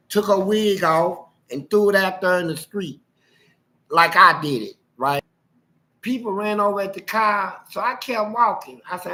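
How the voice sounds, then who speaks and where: Give me a man with a bright, forceful voice, spinning a slangy personal story live and acting out every quote with animated energy. He talks casually and jumps into the voices of the people in his tale. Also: high-pitched, moderate pace, poor audio.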